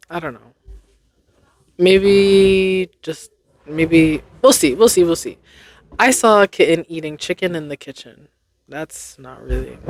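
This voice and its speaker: A young woman hosting a casual solo podcast, reading tongue twisters aloud and laughing at her own stumbles. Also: low voice. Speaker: podcast host.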